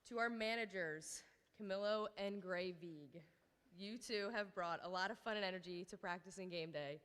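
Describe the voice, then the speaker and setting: In a large school ceremony hall, a woman in her thirties who coaches a girls' team gives an emotional awards speech over the PA, full of nervous ums and many thanks. Her voice is medium-pitched, clear, resonant and fairly bright, at normal speed, with hall reverb around it.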